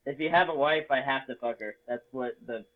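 A man from Las Vegas telling a story in a casual chat, swearing freely, joking and getting animated. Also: mid-range voice, brisk. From Las Vegas, United States. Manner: profane, jokey and animated. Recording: tinny phone-like sound.

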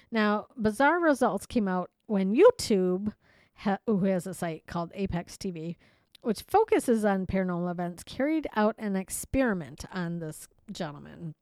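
A woman's voice: medium pitch, darkish tone, dry recording. A woman hosting a podcast in casual chat. She reads a strange story aloud, riffs on it and laughs often. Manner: chatty, playful, laughs often. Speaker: podcast host.

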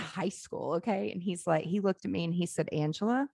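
Woman, forties, low voice, dry close sound, candid storyteller, casual swearing. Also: brisk, vocal fry, no room sound. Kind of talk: casual chat.

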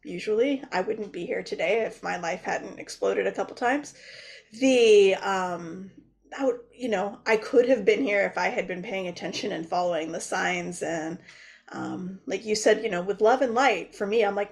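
A woman speaking as a guest on a spiritual podcast, explaining ideas thoughtfully with frequent pauses and fillers. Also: medium pitch, vocal fry. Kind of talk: casual podcast conversation.

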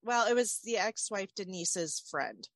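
A woman's voice: medium pitch, a little slow, no echo. A woman candidly retelling a painful personal story on a talk show, acting out what others said. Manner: emotional, animated retelling with quoted dialogue. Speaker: guest telling her story.

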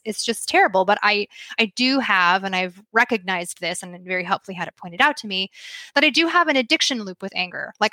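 A woman's voice: mid-range voice, bright, forceful tone, dry recording. A woman speaking candidly and thoughtfully in a casual monologue, with frequent fillers, sharing a personal practice as a mother.

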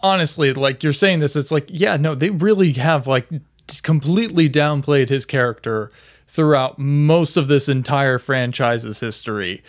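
Earnest man with a slightly high voice. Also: normal speed. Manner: earnest, frustrated ranting. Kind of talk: casual chat.

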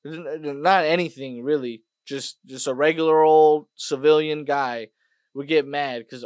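A man hosting a podcast, ranting casually and profanely, dropping to mutters and then bursting out loud. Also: on the high side, fairly even intonation, unhurried, clean tone, no room sound, clean studio sound. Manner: profane, swings between mutters and loud outbursts. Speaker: podcast host. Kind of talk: casual rant monologue.

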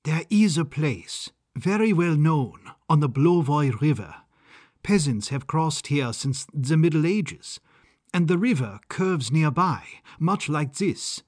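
A man voicing Rudolph, a cultured European baron who speaks in formal, measured sentences, over faint music. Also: a little high, expressive, no echo, clean studio sound. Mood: recalling.

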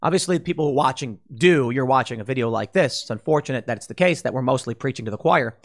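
A man's voice: medium pitch, animated, quick pace. A man hosting a political commentary show, speaking in an emphatic monologue full of sweeping declarations, restarts and quoted asides.

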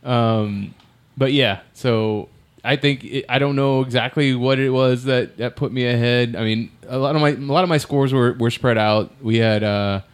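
A man hosting a casual sports podcast, laughing often and pausing with fillers. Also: medium pitch, steady tone, clean tone. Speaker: podcast host.

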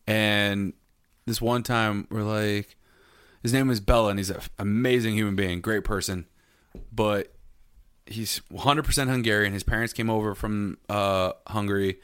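A man's voice: on the low side, steady tone, normal speed, fairly bright tone, clear, resonant tone, dry recording. Male podcast co-host, teasing and crude, dry close-mic sound, anecdote teller. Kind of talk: casual podcast banter.

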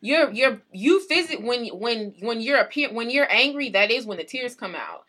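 A young woman co-hosting a casual podcast chat. Her voice swings widely in pitch as she argues her point, insistent and quick to laugh. The tone is bright and forward. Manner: animated, argumentative, laughs often. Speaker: podcast co-host.

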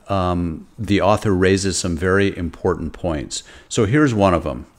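Low-voiced man hosting a casual talk show. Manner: loose, conversational, with frequent fillers. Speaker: host.

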